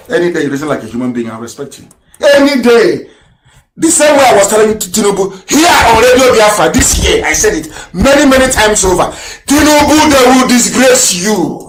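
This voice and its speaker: A man delivering an impassioned political radio broadcast, firing rhetorical questions and swinging between shouts and low mutters. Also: sing-song, a little fast. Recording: roomy echo.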